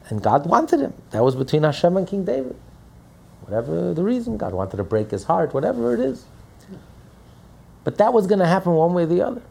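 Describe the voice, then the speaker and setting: A man's voice: mid-range voice, creaky, a little mellow, breathy edge. A man teaching a Torah class as a rabbi, preaching with rhetorical questions and acting out the voices he quotes.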